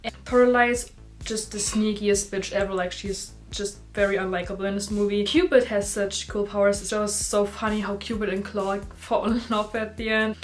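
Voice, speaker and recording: A woman's voice: medium pitch, moderate pace, soft background music. A young woman casually reviewing and ranking movies in a vlog, gushing and full of filler words. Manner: gushing, animated, lots of "like" fillers.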